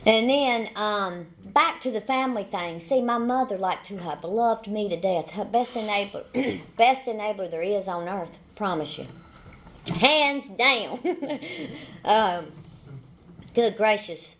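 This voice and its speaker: A woman's voice: mid-range voice, lively intonation, slow pace, a little hiss or hum. A woman in her forties with a Southern American accent, sharing her recovery story at a meeting in a folksy, humorous way. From Southern United States. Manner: folksy storytelling with repeated phrases and dry humor. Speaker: AA speaker. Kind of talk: recovery testimony talk.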